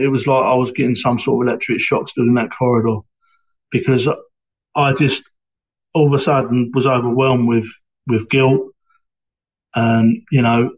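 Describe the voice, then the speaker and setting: A middle-aged man tells his story in an interview, in a measured, level voice that barely rises or falls. His speech is hesitant and halting, full of pauses and restarts. His pitch sits in the ordinary middle range for a man. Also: low-quality recording. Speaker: interviewee, former police sergeant. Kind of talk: reflective personal account.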